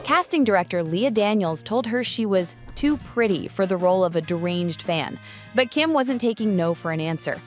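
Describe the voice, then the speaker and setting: Woman narrating with dramatic teasers. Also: mid-range voice. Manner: dramatic, teasing build-up. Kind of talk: scripted documentary narration.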